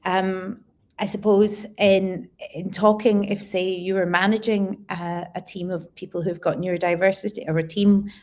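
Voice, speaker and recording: A woman educator answers interview questions in a plain conversational way, with a voice of ordinary middle pitch. She lays out practical tips step by step and doubles key words for emphasis. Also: level tone, normal speed. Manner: explanatory, repeats words for emphasis. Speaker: guest educator.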